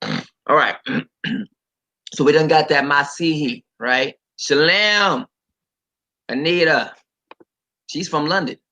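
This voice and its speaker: Forceful, emphatic livestream preacher man. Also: on the high side, takes it slowly, pauses often, rough recording. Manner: emphatic, repetitive, talks straight to viewers; reads scripture aloud and comments on it.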